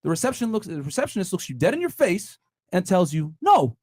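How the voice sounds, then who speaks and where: A man's voice: high voice, very animated, fast, a little mellow, breathy edge, no echo, studio quality. A man hosting a heated panel debate, blunt and profane, talking over the women around him. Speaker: podcast host.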